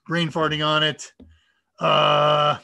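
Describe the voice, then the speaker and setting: A man's voice: on the high side, completely flat delivery, very slow, gravelly, sharp tone. A man with a nasal voice from the US Midwest, hosting a casual live Q&A stream and chatting keenly about tech.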